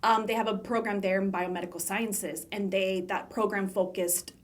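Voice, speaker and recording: A woman's voice: medium pitch, fairly even intonation, moderate pace. A young woman from south Texas, a graduate student guest on a podcast, answering questions hesitantly with many fillers and restarts. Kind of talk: casual interview answers.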